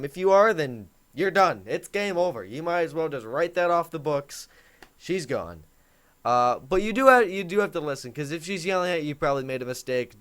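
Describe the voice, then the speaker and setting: A teenage boy hosting a comedic advice monologue, talking in a joking, mock-authoritative way. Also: on the high side. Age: teens. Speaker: host.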